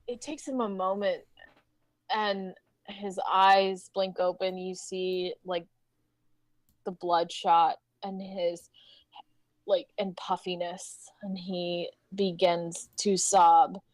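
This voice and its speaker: A woman narrating as game master of a tabletop game, hesitant and halting, with many fillers. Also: lowish voice, flat delivery, dry recording.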